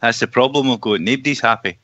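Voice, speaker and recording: A man's voice: mid-range voice, quick pace, pushed and bright. A man on a fan radio panel, earnest and wry in turns of phrase. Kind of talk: casual radio chat. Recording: muffled stream audio.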